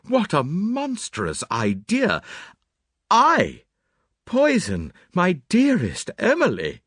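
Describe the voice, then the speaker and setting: A man's voice: low voice, big pitch swings, a little slow, gravelly, a little mellow, no room sound, clean studio sound, exaggerated voice. A man voicing a defensive, indignant middle-aged husband in an audiobook. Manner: protesting, agitated.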